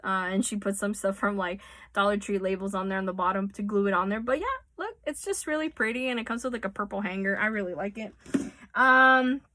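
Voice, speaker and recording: A woman's voice: mid-range voice, brisk, sharp tone, dry recording. A woman chatting casually in a home vlog as she shows off gifts, with many fillers and restarts. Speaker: vlogger showing gifts. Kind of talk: casual show-and-tell. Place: home room. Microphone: phone.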